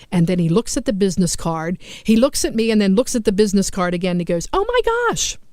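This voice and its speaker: A woman hosting a show and telling funny stories in a lively, self-mocking way, playing out the lines of people in her stories. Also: mid-range voice, dry recording. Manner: animated, self-mocking, acts out quoted lines. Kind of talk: storytelling monologue.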